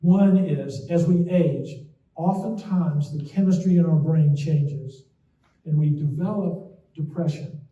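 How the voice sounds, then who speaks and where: A middle-aged memory doctor gives a casual talk to an audience in a hall, sprinkling in folksy anecdotes and frequent "okay?" asides. His voice is a little high with a dark tone, and he speaks slowly. The recording is roomy, distant and dull, with a lo-fi quality.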